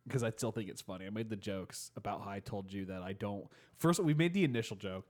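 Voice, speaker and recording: A young man co-hosting a podcast, riffing in casual comedic chat, profane and rambling, slipping into quick voices. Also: fairly low pitch, darkish tone. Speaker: podcast co-host.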